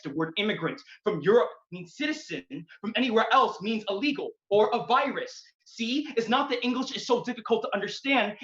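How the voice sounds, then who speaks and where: A man's voice: high-pitched, a bit bright. A man performs a slam poem with a rhythmic, emphatic delivery that builds in intensity. The sound is somewhat dull and muffled. A noticeable echo from the venue hangs around the voice. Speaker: slam poet. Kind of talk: spoken word poetry performance. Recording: dull, echoey venue recording.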